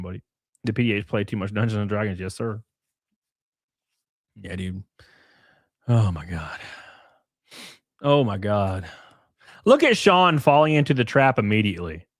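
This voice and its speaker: A man's voice: medium pitch, dry recording, clean studio sound. A man hosting a live stream, reacting to a clip with sarcastic, profane mockery. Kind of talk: casual live stream commentary.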